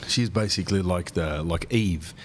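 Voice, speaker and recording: A man hosting a casual podcast, rambling through stories full of slang. His voice sits fairly low and wanders loosely from one tangent to the next. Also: moderate pace, slight background noise. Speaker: podcast host. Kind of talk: casual chat.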